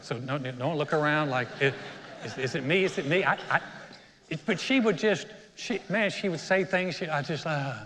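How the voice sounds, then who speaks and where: A man's voice: on the high side, a bit bright, big-room sound. A middle-aged man, the senior pastor, preaching a sermon in a conversational, storytelling way with self-deprecating humor. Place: church auditorium.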